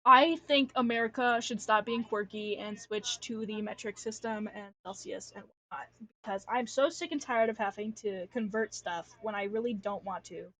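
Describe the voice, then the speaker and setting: A woman's voice: mid-range voice, moderate pace, few pauses, bright, forceful tone, no room sound. A young woman from Alaska rambling casually on a livestream, slangy, self-deprecating and swearing freely, speaking at home at her computer. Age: young adult. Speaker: streamer. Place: home room.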